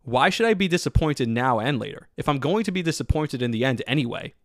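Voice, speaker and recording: A man hosting a solo sports podcast, talking in an excitable, rambling way with lots of filler words. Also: medium pitch, fast, no room sound, clean studio sound. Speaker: podcast host.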